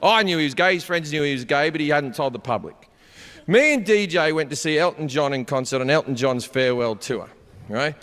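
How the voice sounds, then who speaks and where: A man with an Australian accent doing stand-up, telling a crude story and jumping into shouted punchlines. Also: fairly high pitch, expressive, fairly quick. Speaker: stand-up comedian. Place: large concert venue on stage. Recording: live hall reverb with faint crowd ambience.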